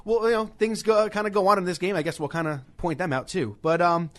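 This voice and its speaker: A man co-hosting a casual sports call-in show, rambling and joking at his own expense, often stumbling over his words. His voice sits a touch higher than most men's. The sound is close and dry. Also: fairly even intonation, fast talker, dry recording. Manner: rambling, self-deprecating, stammers and restarts. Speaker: radio show co-host. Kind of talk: casual sports radio chat. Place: small radio studio.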